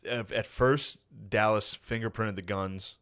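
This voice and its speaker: A man co-hosting a podcast in casual chat, telling a story with animated laughs and slow, emphatic beats. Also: on the low side. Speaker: podcast co-host.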